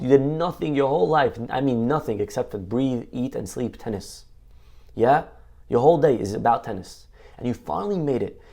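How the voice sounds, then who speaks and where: A man giving a Torah lecture as a rabbi, an animated storyteller who asks rhetorical questions and acts out the quotes he tells. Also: medium pitch.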